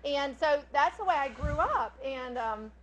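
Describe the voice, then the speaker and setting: A woman's voice: high voice, unhurried, slight background noise. A woman with a Southern American accent who hosts a cooking class and tells chatty stories into a clip-on mic. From Georgia, American South. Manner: chatty, storytelling, animated. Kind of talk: casual cooking class chat.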